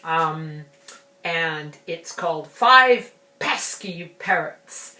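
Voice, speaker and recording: A woman presenting a children's storytime rhyme, explaining it in a chatty, unhurried way, recorded in a roomy space from a distance. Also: sits low, animated, sharp tone.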